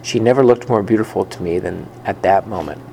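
Gravelly low-voiced man reading a storybook. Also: dark tone, a little hiss or hum, poor audio. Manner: unhurried, slips and rereads. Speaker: reader. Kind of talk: reading a children's book aloud.

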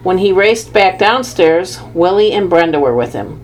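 Woman narrator, low voice, storybook reading, faint hum behind. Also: poor audio. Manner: measured, lively first-person telling. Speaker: audiobook narrator.

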